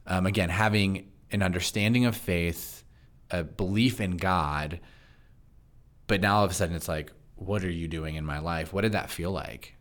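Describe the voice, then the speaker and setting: A man who hosts a church podcast, talking fast and chatty in a casual interview, with frequent laughs. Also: low voice, fairly bright tone. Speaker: pastor and podcast host.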